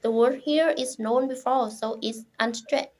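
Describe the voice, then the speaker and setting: A young woman, a student reading a class presentation in short, careful, halting chunks. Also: a little high, steady tone, a little mellow, a little hiss or hum.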